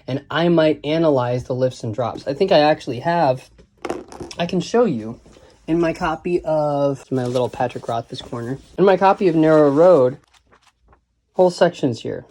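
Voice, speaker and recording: A man's voice: fairly high pitch, normal speed, darkish tone. A man giving a casual, digressive lesson on writing, thinking aloud and reciting quotes and lines of verse. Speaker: writing teacher.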